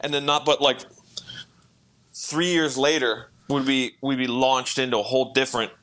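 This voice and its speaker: A man with a bright, forceful voice talks eagerly on a podcast. He rushes through his points in quick bursts and laughs easily along the way. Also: medium pitch, steady tone. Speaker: podcast co-host. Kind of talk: casual chat.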